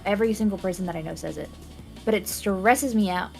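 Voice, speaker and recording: A woman's voice: mid-range voice, brisk, creaky, faint music behind. A woman chatting casually as a guest, playfully mock-indignant and exaggerated. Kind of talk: casual chat.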